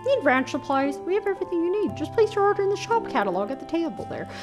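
A woman voicing a friendly, fatherly wolf shepherd in a cozy game, pitched up from her own voice. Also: sing-song, fast, over music. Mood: welcoming.

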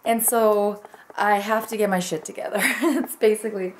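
A woman's voice: mid-range voice, fairly even intonation, normal speed, slight background noise. Bubbly young woman rambling to camera. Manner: bubbly, rambling, talks to her dogs in a baby voice. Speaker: fitness vlogger. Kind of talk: casual vlog chat to camera. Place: at home.

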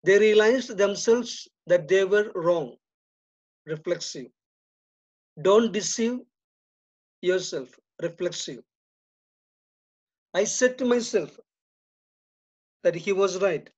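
A man with an Indian English accent teaching a grammar lesson, reading each example sentence and then giving the answer more quietly. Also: high-pitched, slow pace, long pauses. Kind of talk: slow, deliberate grammar lesson. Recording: dull lo-fi recording.

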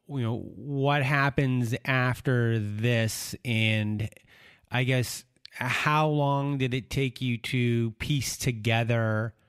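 A man hosting a podcast, asking measured, gentle questions of his guest. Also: medium pitch, clear, resonant tone, dry recording, clean studio sound. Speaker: podcast host. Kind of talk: interview.

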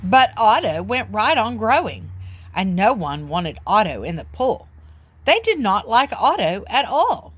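A woman reading a children's book aloud in an expressive, sing-song way. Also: medium pitch, unhurried, breathy edge, no room sound. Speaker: storybook reader.

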